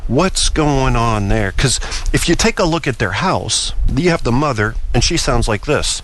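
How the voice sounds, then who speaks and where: A man's voice: medium pitch, animated, moderate pace, fairly bright tone, a little hiss or hum. Opinionated man rambling through a monologue. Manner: opinionated, rambling, stammering restarts. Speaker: podcast host. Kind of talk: solo talk-show monologue.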